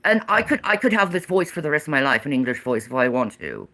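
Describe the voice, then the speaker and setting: A woman's voice: low-pitched, big pitch swings, fast talker, sharp tone. A woman in her forties, ranting on a livestream, swearing heavily in a defiant, emphatic way. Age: 40s. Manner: heavy profanity, defiant and emphatic.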